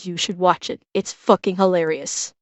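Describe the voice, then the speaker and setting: A woman's voice: fairly low pitch, little pitch movement, moderate pace, no room sound. A woman streamer giving blunt, profane, casual commentary while reacting to a video.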